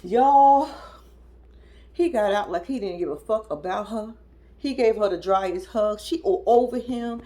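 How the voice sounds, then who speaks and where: A young adult woman reacts to a TV episode as a reality TV commentator, casual and profane. She sounds incredulous and animated, often mimicking people in high squeals. Her pace is moderate.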